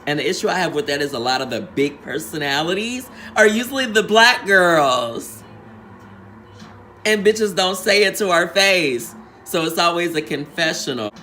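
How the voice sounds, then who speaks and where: Man, recap host, sassy profane drag slang, bright forceful tone, somewhat high voice. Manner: acts out quotes in changed voices. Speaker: reality show recap host. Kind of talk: casual recap commentary.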